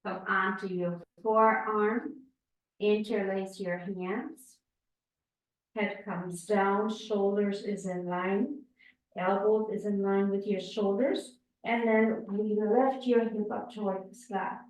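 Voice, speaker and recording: Slow, calm woman guiding a yoga class. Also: medium pitch, recorded from a distance. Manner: slow, calm spoken cues. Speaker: yoga instructor. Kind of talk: guided yoga class instruction. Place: yoga studio. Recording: echoey room, voice from afar.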